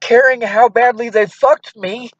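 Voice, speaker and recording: A distressed man with a very high voice pours out his grievances, pleading and bitter, close to tears. The recording is muffled and lo-fi. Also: fairly even intonation, measured pace. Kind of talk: emotional phone call.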